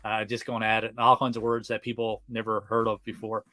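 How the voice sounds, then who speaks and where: This is a man in his thirties with a strong Newfoundland accent, hosting a laid-back livestream chat. He talks quickly and packs in local slang, with a lot of laughter between his lines. His bright, forward voice sits close to the mic in a dry space. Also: fairly low pitch, completely flat delivery, dry recording. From Newfoundland, Canada. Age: 30s. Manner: fast-talking, slangy, laughs often. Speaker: livestream host.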